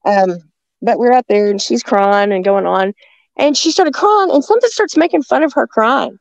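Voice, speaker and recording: Gravelly, rambling woman. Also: a little high, expressive, no room sound. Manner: rambling, halting, many restarts and fillers. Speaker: guest telling encounter stories. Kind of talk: casual storytelling on a call-in show. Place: rural home outdoors near woods.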